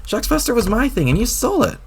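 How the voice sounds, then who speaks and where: A man reading a webcomic aloud, voicing an exasperated young woman who scolds her friend in a raised, sharp voice. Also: extremely high pitch, big pitch swings, fast talker, vocal fry, slight background noise, voice pushed up, heavily acted. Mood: scolding.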